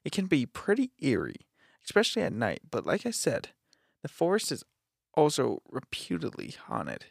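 Lively man reading ghost lore. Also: a little high, moderate pace, vocal fry, breathy edge, dry recording, studio quality. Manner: reads aloud with asides and swearing. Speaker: podcast co-host. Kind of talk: casual reading of ghost stories.

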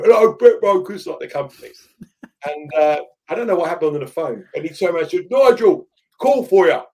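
A man's voice: medium pitch, a little mellow. A middle-aged man from England co-hosting a betting podcast, telling long rambling anecdotes with many restarts. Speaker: podcast co-host, betting pundit. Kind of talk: casual storytelling chat.

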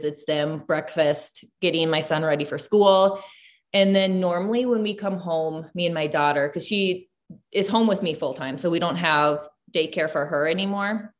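A woman in her thirties talks in a relaxed, chatty way, scattering "like" through her sentences. Her voice sits a little low for a woman. She tells animated everyday stories in a casual podcast conversation. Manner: chatty, lots of "like" fillers, animated storytelling. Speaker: podcast host, mom business owner.

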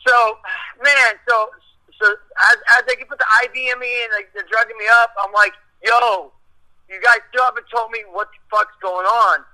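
A middle-aged man with a high, piercingly bright voice tells a long story in casual chat. He rambles, swears freely and acts out the lines of the people in it. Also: fairly even intonation, normal speed, poor audio. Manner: profane, rambling, acts out quotes. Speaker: guest telling a story.

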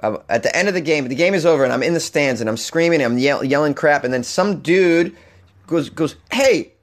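Slightly hoarse podcast host. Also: male voice, on the high side, a little fast. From Boston, Massachusetts. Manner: rambling and animated, with frequent restarts and laughs. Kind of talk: casual comedic podcast monologue.

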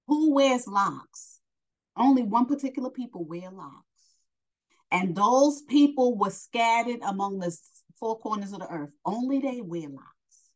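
A woman's voice: on the high side, poor audio. A woman from New York giving a Bible lesson, reading verses and then retelling them in blunt everyday slang, asking the listener questions and answering them herself. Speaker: Bible teacher.

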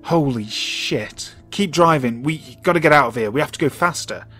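A man's voice: mid-range voice, steady tone, a little fast, soft background music, lightly acted. A man voicing a panicked man screaming over a radio. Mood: frantic. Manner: hysterical, shouting, pleading.

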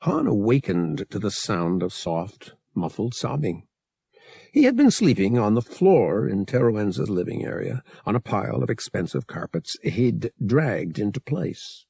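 A man reading a novel aloud as an audiobook narrator, measured and expressive. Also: fairly low pitch, creaky, husky, no echo.

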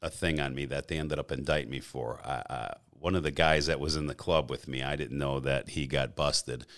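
A middle-aged man telling stories as a podcast guest in a casual, rambling way, often clearing his throat. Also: a bass voice, steady tone, a little fast, fairly bright tone. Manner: rambling, frequent throat clearing, acts out quoted dialogue. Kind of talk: casual storytelling.

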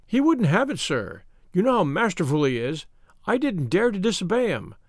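A worried housekeeper in her later years, speaking in a raised, urgent voice that rises higher as she pleads, as a man puts her on. Her talk is earnest, respectful and fretful. The sound is dry and close to the mic. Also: sing-song, moderate pace, dry recording, exaggerated voice. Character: anxious devoted older female housekeeper.

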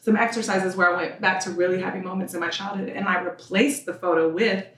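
A woman on a podcast as a guest, telling candid stories in an animated way, acting out the dialogue she quotes and laughing often. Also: mid-range voice, quick pace. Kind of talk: candid conversational storytelling. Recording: roomy room, distant mic.

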